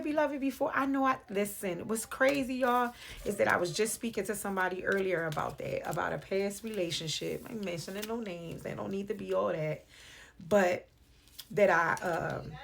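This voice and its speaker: A chatty woman with a New York accent gives a casual tarot reading straight to the camera, teasing and warm toward the viewer she calls beloved. Her mid-pitched voice carries a gravelly fry, and a faint hiss sits behind it. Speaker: tarot reader. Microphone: phone or webcam on video.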